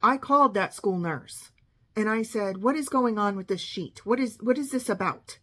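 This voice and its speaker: A middle-aged woman spins a long story from her own life, dry and sarcastic, with an exasperated edge as she quotes the people involved. Her voice sits in an ordinary middle pitch. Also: normal speed, pushed and bright. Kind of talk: casual storytelling monologue.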